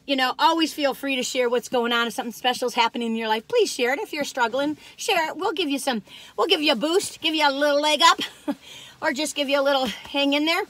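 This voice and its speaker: With a high, fast and slightly bright voice, this cookie-review vlogger in her sixties talks directly to her audience. Her casual chat is exuberant and meandering, punctuated by whoops and laughter.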